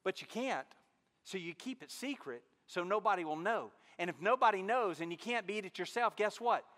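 Male pastor, humorous storyteller; high, bright voice ringing through a reverberant sanctuary. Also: expressive, normal speed. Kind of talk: sermon.

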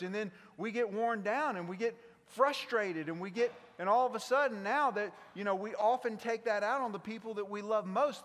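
A man with a South Mississippi accent preaching a sermon, swinging between loud passion and hushed intensity. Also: sits high, in a large hall. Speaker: pastor.

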